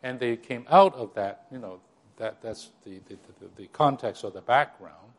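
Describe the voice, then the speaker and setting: An older man addresses a church gathering in a sermon-style recollection of its early history, rambling along with restarts and direct asides to listeners. His voice is mid-range at a normal speed.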